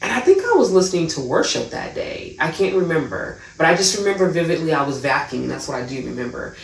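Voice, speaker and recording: A woman co-hosting a faith podcast, telling a personal story in an animated way with lively asides. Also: sits low, quick pace, gravelly. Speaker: podcast co-host. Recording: roomy, distant mic.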